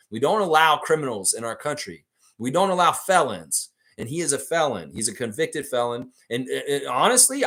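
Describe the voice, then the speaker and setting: A man's voice: mid-range voice, fairly bright tone. A man hosting a casual livestream, reacting to a game and reading viewer chat aloud in a goofy, blunt, ranting way.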